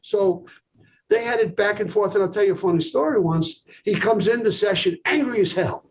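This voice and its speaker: High-pitched guy telling a therapy story, keeps saying okay, dull lo-fi sound with a little hiss. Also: moderate pace. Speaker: psychologist guest. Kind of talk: anecdotal storytelling interview. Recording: dull lo-fi recording with faint noise.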